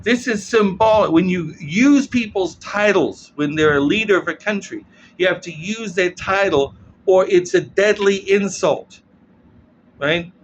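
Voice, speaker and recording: A man's voice: sits high, a little slow, muffled recording. Male commentator, rambling opinion monologue, keeps checking in with "right?", faint background noise. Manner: rambling, asks "right?" after most points.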